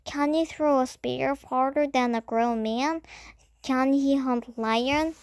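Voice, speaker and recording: A woman's voice: sits high, takes it slowly, no room sound. A woman voicing an arrogant, rude young prince in a storybook, speaking in a haughty, mocking way. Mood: scornful.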